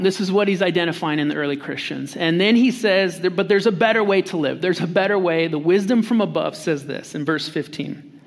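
A man giving a conversational, humorous sermon as a pastor, acting out quotes in different voices. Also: sits high. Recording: hall reverb.

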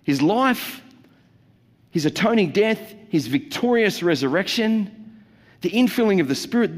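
A man's voice: on the high side, big pitch swings, moderate pace, big-room sound. A man preaching a sermon in a church, jokey and conversational, with playful asides to the congregation. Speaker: pastor. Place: church auditorium.

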